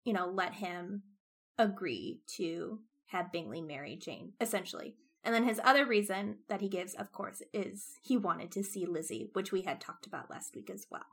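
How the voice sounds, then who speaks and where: A woman's voice: mid-range voice, lively intonation, normal speed, fairly bright tone, husky. A woman co-hosting a casual book discussion podcast, explaining and correcting details. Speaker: podcast co-host.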